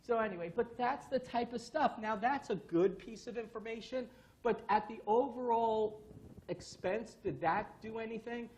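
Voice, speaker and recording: Here the conference speaker's voice is very high-pitched yet darkish in tone, moving at a moderate pace through casual, occasionally profane stories told to an audience from the stage. Recording quality is low.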